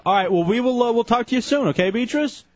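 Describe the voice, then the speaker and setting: A man's voice: extremely high pitch, expressive, fast, no echo. A man hosting a radio show, joking with callers in casual banter. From Chicano American. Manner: joking, takes calls. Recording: dull lo-fi broadcast.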